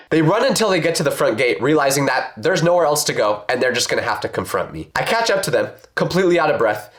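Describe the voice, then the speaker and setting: A man narrates a storytime video in a slightly high, very expressive voice. He pauses for effect and pokes fun at himself, and the recording has a roomy echo. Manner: expressive, self-mocking, dramatic pauses.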